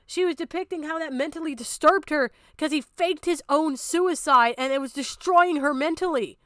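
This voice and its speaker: A woman's voice: high-pitched, normal speed, a bit bright, no room sound, studio quality. A young woman streamer giving angry, profane reaction commentary, ranting hard and breaking into laughter.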